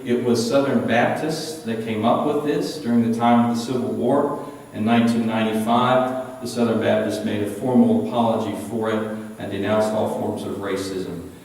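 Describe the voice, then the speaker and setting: A man's voice: mid-range voice, a little mellow. A man with a West Virginian accent, a pastor teaching a Bible study in an earnest, conversational way. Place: large church sanctuary. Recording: echoey hall, mic at a distance.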